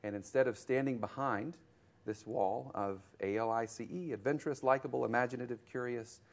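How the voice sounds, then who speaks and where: A middle-aged man speaking at a conference, walking listeners through an opera's story. His pitch sits in the middle for a man, and he jumps up in pitch for quoted lines. He talks with plenty of fillers and restarts. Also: fairly quick. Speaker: opera director presenting his production. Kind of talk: conference presentation.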